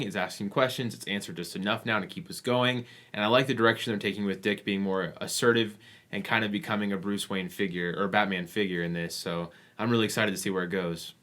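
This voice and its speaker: A man co-hosting a comic book podcast, dry and deadpan, trading in short put-downs. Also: lowish voice. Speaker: podcast co-host. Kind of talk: casual comic review chat.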